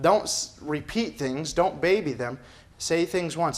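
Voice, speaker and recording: A man's voice: fairly high pitch, animated, unhurried. A man preaching a sermon as pastor, emphatic and firing off rhetorical questions. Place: church.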